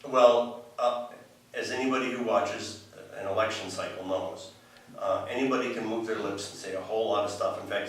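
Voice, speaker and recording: A man's voice: lowish voice, fairly bright tone, very echoey, distant mic, a little hiss or hum, poor audio. A man preaching a sermon in a loose, conversational way, full of restarts and asides. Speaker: pastor. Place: church sanctuary.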